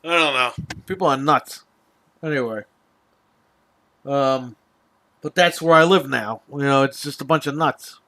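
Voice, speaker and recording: A man's voice: medium pitch, a little slow, pauses often, pushed and bright. A man hosting a casual podcast, telling an exasperated, profanity-laced story in a ranting chat. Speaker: podcast host.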